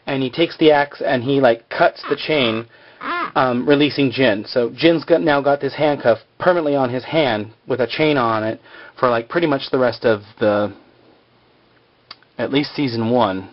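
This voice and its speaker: A man's voice: mid-range voice, normal speed, muffled recording. A man casually recapping a TV episode, rambling with lots of fillers like "like" and "you know.".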